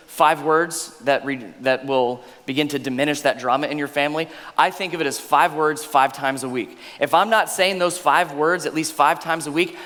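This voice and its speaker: A man preaching a sermon as pastor in a church auditorium, conversational and animated, getting the congregation to repeat words after him. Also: fairly high pitch, long reverb tail. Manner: conversational, animated, leads congregation in call-and-response.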